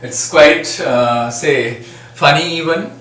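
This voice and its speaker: A man teaching a phonetics lesson, repeating example words slowly and asking "right?" often. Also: fairly high pitch, fairly bright tone. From India. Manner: frequent "right?" and "uh, say" fillers. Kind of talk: phonetics lecture. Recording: echoey room, mic at a distance, faint noise.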